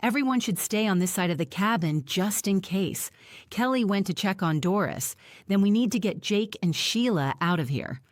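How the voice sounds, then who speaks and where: Woman doing a brisk, bossy medic woman. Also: mid-range voice, animated, no room sound, clean studio sound, voice pushed up, lightly acted. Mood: urgent. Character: brisk young woman giving medical orders.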